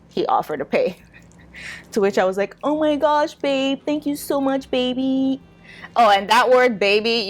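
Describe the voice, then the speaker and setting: Chatty woman giving wry dating advice. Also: lowish voice. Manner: chatty, wry, with frequent "like" and laughs. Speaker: podcast host. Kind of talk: casual advice monologue.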